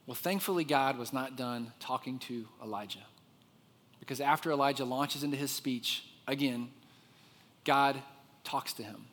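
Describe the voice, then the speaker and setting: A man preaching a sermon, telling the story with lively expression and dropping to a hushed voice for the quiet parts. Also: mid-range voice, normal speed, in a large hall. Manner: expressive storyteller, drops to a soft hush for quiet moments. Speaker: pastor.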